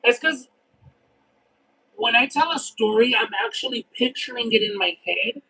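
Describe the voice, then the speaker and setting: A man's voice: extremely high pitch, normal speed, gravelly, husky, low-quality recording. A man hosting a casual livestream who tells stories expressively and at length, piling on details. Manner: expressive, detailed rambling storyteller. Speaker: livestream host eating and reading chat. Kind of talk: casual chat and storytelling.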